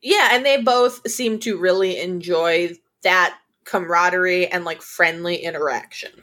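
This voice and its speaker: A woman's voice: on the low side, moderate pace, fairly bright tone. A woman co-hosting a casual TV recap podcast, retelling scenes through quoted dialogue and swearing casually. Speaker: co-host.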